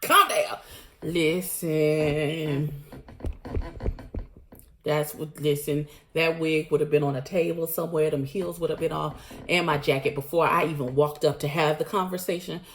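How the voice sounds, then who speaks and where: A woman vlogger recapping a show in a blunt, animated, slangy storytelling manner. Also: sits low, a little fast, slight background noise. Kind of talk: casual recap monologue.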